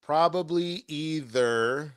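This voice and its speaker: A man's voice: a little high, takes it slowly, fairly bright tone, dry recording. A man hosting a casual show, reading viewer comments aloud in a laid-back way. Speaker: show host reading live chat. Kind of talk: casual chat.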